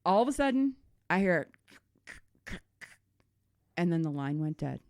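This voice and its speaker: A middle-aged woman co-hosting a casual podcast, telling a story with a lively, swooping voice and plenty of swearing. The sound is close and dry, with no room around it. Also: fairly low pitch, unhurried, no echo. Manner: animated storytelling, swears freely. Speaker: podcast co-host. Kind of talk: casual chat.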